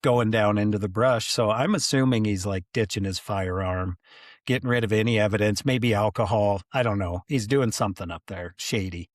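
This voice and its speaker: A man in his forties telling stories as a podcast guest, animated and full of casual fillers. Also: fairly low pitch, moderate pace, dry recording, clean studio sound. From United States. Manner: animated, many fillers like "like" and "you know". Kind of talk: casual storytelling.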